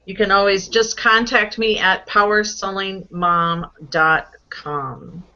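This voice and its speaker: A woman's voice: medium pitch, fairly even intonation, takes it slowly, bright, forceful tone, dull audio. A woman guest telling stories in a casual call-in chat, laughing often. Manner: chatty storyteller, laughs often. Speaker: guest reseller.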